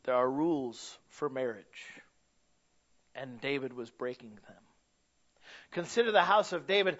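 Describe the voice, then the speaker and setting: A man preaching a sermon, telling stories and building to loud, emphatic points. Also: mid-range voice, measured pace, pauses often. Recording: dull lo-fi recording.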